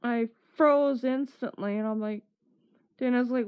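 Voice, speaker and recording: Her voice fairly high, clear and resonant, a streamer tells a relaxed story at a slightly slow pace. She performs the quoted lines with laughter in between, all over muffled lo-fi stream audio.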